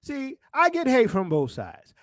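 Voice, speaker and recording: A man's voice: very high voice, huge pitch swings, a little slow, dry recording, clean studio sound. A man preaching a sermon with fervent, rising intensity, calling out directly to his listeners. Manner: fervent, rising to shouted exclamations; calls out to the congregation.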